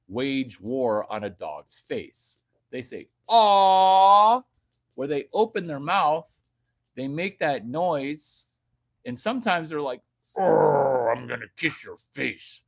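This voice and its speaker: A man delivering a rambling, crude comedic rant, jumping from loud bursts to hushed baby talk. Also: medium pitch. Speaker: vlogger.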